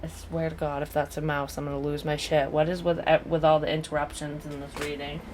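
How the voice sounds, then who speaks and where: Low-voiced blunt woman doing a tarot reading. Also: little pitch movement, a little fast, background noise. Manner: blunt, swears freely, drifts into rants. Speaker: psychic tarot reader. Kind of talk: casual tarot reading to camera.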